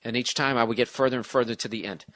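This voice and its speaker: A man's voice: medium pitch, steady tone, very fast, a bit bright. A man hosting a podcast, giving blunt, profane advice in a rambling, casual rant.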